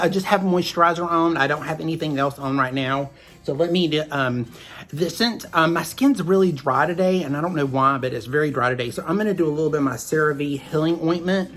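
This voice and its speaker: A man's voice: medium pitch, fairly bright tone. A man with a Southern US twang hosting a makeup vlog, rambling chattily with asides to his viewers. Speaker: makeup vlogger. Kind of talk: chatty beauty tutorial vlog.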